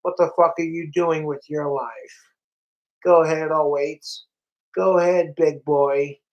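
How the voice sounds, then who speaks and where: A man's voice: on the high side, a little slow, lo-fi sound. A man livestreaming, rambling profanely and animatedly straight to his viewers in casual chat. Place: home, overnight livestream.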